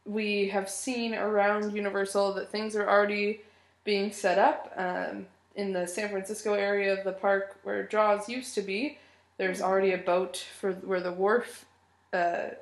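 A woman's voice: mid-range voice, fairly even intonation, measured pace, reverberant. A woman co-hosting a casual podcast, still sick and sniffling, chatting while lying on a couch in a living room. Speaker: podcast co-host. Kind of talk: casual chat.

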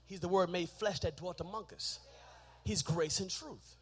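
A man preaching a sermon, shouting his points and joking with the congregation in a church. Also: sits high, normal speed.

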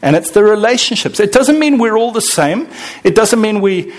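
A man's voice: high voice, lively intonation, normal speed. A middle-aged man preaching a sermon, emphatic, acting out the voices he quotes. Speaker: pastor.

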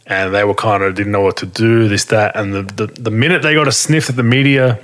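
A man's voice: on the low side, fairly quick, fairly bright tone. A man co-hosting a podcast in casual chat, talking loosely and laughing often. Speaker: podcast co-host.

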